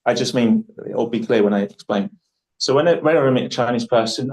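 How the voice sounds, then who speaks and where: Man, English accent, workshop host, chatty, jokey storyteller, middle pitch. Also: fast, a little mellow, rough recording. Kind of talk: casual workshop hosting.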